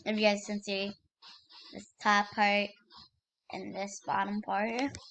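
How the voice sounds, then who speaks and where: A young woman hosting her own gaming channel, giving casual gameplay commentary in an excitable way, repeating exclamations and using lots of fillers. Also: mid-range voice, slow, a little hiss or hum. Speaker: gaming YouTuber.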